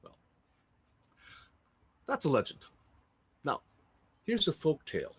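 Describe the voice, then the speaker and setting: A man from Hawaii telling island legends with lively sound effects, in a Hawaiian Pidgin accent. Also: fairly high pitch, takes it slowly, husky, dry recording. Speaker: storyteller. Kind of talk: live storytelling of legends.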